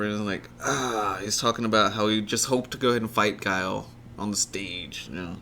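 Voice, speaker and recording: A man co-hosting a casual podcast about a movie, expressive and swearing freely. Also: brisk, few pauses, slight background noise. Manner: expressive, swearing freely, with lively swings in pitch. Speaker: co-host.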